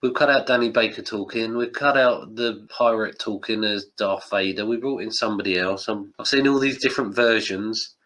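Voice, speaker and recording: A man's voice: lowish voice, moderate pace, hardly any pauses, fairly bright tone. A young man hosting a casual podcast chat, laughing often and slipping into mock quotes. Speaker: podcast host.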